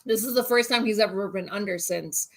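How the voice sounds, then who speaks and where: A woman's voice: mid-range voice, a little fast. A woman co-hosting a casual livestream, telling a story with lots of laughter and reading out viewer comments. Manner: animated, laughs through the story. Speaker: channel co-host.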